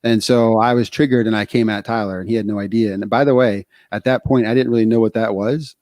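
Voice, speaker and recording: Candid low-voiced middle-aged man. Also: steady tone, fast talker, a little mellow, no echo, studio quality. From United States. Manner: candid storytelling with many fillers. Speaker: podcast co-host. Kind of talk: casual podcast talk.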